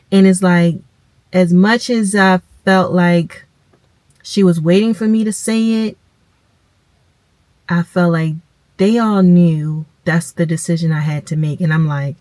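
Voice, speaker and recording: A woman, tearfully telling viewers a personal story, halting and calling them y'all. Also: fairly low pitch, fairly even intonation, a little mellow, no room sound. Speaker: vlogger. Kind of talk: emotional personal storytelling to camera.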